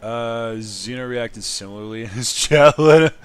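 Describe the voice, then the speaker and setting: A man streaming a game, chatting casually with viewers, excitable, laughing often and swearing now and then. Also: mid-range voice, moderate pace, clean tone, soft background music. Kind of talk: casual live-stream commentary.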